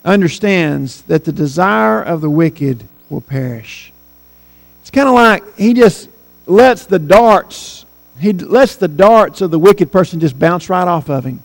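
A man preaching a sermon, rising on his key points and dropping low when he quotes scripture. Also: vocal fry, low-quality recording.

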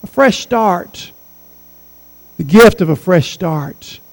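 A man's voice: sits high, lively intonation, slow pace, vocal fry, in a large hall, low-quality recording. A man in his forties preaching a sermon as pastor, earnest and emphatic, repeating key phrases. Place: church sanctuary.

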